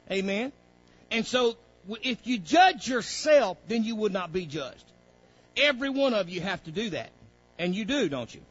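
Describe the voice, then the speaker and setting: A man's voice: high-pitched, fairly bright tone, dull audio. A man leading a Bible study lesson for young students, folksy and preacherly, often saying "praise God". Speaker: Bible teacher.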